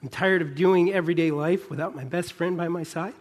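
An earnest man in his thirties preaches a heartfelt sermon with a slightly high voice. He pauses often and builds toward a fervent, pleading intensity. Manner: earnest, pausing, rising to a fervent plea. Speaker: pastor.

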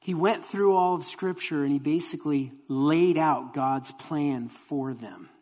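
A preacher giving a sermon, telling the story with animated delivery and acted-out quotes, in a large hall. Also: medium pitch, a little slow. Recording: long hall reverb.

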